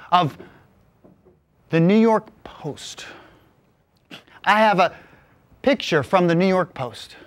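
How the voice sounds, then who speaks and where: A man in his forties telling a comic story, animated and full of vocal sound effects. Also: high voice. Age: 40s.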